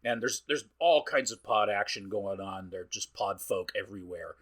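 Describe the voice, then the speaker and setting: A man's voice: lowish voice, normal speed, a bit bright. A man co-hosting a podcast, recapping a film in casual chat, swearing freely and acting out what the characters say. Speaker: podcast co-host.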